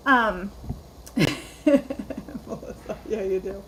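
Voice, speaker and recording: A woman's voice: a little high, a little slow, noisy background. A woman hosting a live cooking stream, chatty and rambling, greeting viewers by name from her home kitchen. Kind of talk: casual live-stream chat.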